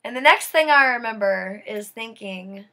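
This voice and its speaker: A woman's voice: a little high, lively intonation, moderate pace, sharp tone. A young woman telling a personal story to her viewers in an earnest, emphatic way. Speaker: vlogger.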